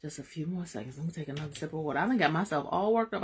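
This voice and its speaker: A woman hosting a live-streamed Bible study, excitable and emphatic in a folksy way, drifting into soft prayer. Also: sits low, very fast, few pauses, husky.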